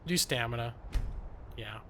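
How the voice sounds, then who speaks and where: A man's voice: mid-range voice, a little slow, fairly bright tone, a little hiss or hum. A man chatting casually and joking at his own expense while streaming a video game live. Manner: chatty, joking, self-deprecating. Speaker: gaming streamer. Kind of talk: live gameplay commentary.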